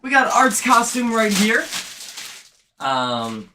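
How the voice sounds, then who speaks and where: A man's voice: high voice, big pitch swings, slow, background noise. A man chatting casually and rambling a bit about haunt acting while setting up an animatronic indoors. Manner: rambling, self-aware. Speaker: vlogger and haunt actor. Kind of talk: casual chat.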